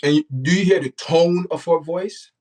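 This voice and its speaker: Man as livestream host, preachy and indignant, slightly raised pitch, a little off the mic. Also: steady tone, normal speed, darkish tone, recorded from a distance. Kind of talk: opinionated livestream commentary.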